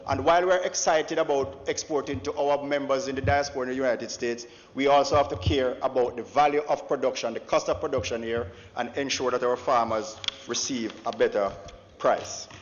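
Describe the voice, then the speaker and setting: A Jamaican man, an opposition member of parliament, delivers a formal, declamatory speech in a large parliament chamber, often addressing the Speaker and punctuating his lines with "Mister Speaker." His voice is mid-range, brisk, and fairly even in intonation. The chamber broadcast audio sounds dull and echoey.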